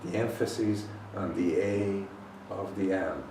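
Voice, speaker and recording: A man leading a guided meditation as a healing teacher, intoning slowly and deliberately with long pauses. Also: low voice, steady tone. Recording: roomy echo, voice far from the mic, faint noise.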